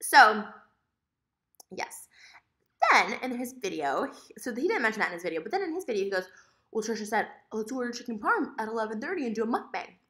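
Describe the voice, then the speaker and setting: A young woman talks straight to camera in a quick, lively rant, her pitch swinging all over the place. Her voice is bright and a little sharp, and her tone is sassy and worked up. It is a casual home vlog. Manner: fast, animated, sassy ranting. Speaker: vlogger.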